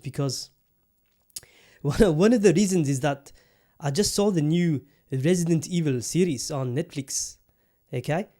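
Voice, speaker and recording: A man's voice: medium pitch, a little mellow. A man hosting his own podcast alone, chatting casually and rambling with lots of restarts and the odd swear word. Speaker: podcast host. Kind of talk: casual solo podcast chat.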